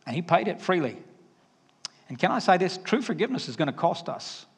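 A Southern-accented man in his fifties preaching a sermon, his voice sitting a little high for a man. He talks emphatically and conversationally, sometimes dropping to a hushed aside. A long reverb trails behind his voice. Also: very animated, brisk, breathy edge. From Alabama. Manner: emphatic, varies loudness, drops to quiet asides. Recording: reverberant hall.

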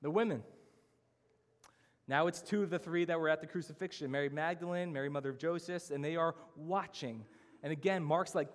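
A man with a fairly high voice preaches briskly as pastor in a church hall, the recording carrying long hall reverb. He's earnest and emphatic, organizing his message into lists.

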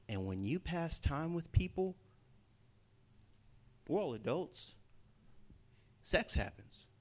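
A man preaching a sermon to a live audience in an animated, emphatic way, repeating his points for stress. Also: mid-range voice.

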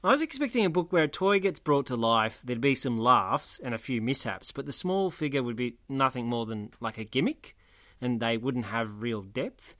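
A man talking casually about a book with his co-hosts. His pitch moves a lot, and he reads passages aloud with expression. The sound is close and dry. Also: normal speed, no room sound. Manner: animated, reads quotes expressively, laughs often. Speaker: book podcast co-host. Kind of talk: casual book discussion with read-aloud quotes.

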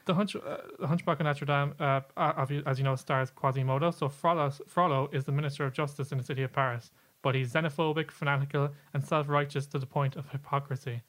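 A man's voice: a little high, fairly even intonation, quick pace, hardly any pauses, fairly bright tone. A man hosting a casual podcast, chatty and often stumbling over his words and restarting. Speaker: podcast host.

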